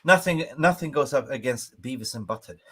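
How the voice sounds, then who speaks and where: A man co-hosting a football podcast in casual chat, animated and prone to breaking into song. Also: medium pitch, normal speed, slightly rough. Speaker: podcast co-host.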